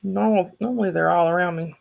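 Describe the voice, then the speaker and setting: This livestream host is a Southern-accented woman whose fairly low, creaky voice holds a steady tone as she talks fast. She rambles chattily with viewers and restarts sentences, and the recording sounds muffled.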